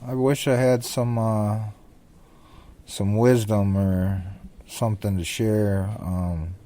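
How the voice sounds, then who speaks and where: A man speaks as a podcast co-host in relaxed conversation, his voice low and mellow. He talks slowly and haltingly, filling the gaps with "um" and "uh" as he searches for words. The tone is reflective and unscripted. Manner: hesitant, many ums and restarts, reflective. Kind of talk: casual chat.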